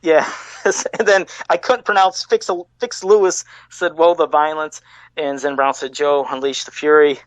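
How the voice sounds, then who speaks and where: A man's voice: fairly high pitch, fairly even intonation, a little slow, dry recording. A man co-hosting a fan podcast, ranting hard with lots of swearing and getting emotional. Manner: profane, worked-up ranting. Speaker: podcast co-host. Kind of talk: heated fan podcast rant.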